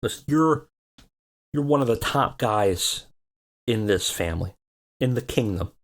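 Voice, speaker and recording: A man's voice: medium pitch, lively intonation, measured pace. A man voicing a pushy wrestling gang leader. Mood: urgent. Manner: urgent, pleading, keeps saying listen and man. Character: tough male wrestling family leader, pushy.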